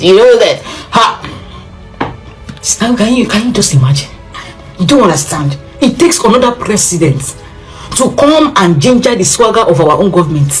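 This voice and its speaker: A Nigerian woman speaking English mixed with Pidgin, reacting in an exclamatory, dramatic monologue and repeating her phrases. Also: mid-range voice. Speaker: commentator.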